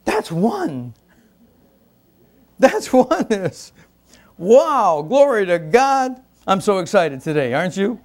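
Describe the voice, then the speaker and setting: A man preaching a sermon to a congregation, slow and emphatic, repeating key words for weight. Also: high-pitched, sing-song. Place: church before a congregation.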